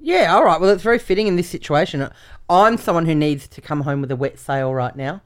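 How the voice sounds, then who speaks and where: A woman's voice: deep voice, animated, brisk. Bubbly woman comedian. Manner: bubbly, laughing, self-mocking. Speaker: comedian guest. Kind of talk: casual comedic banter.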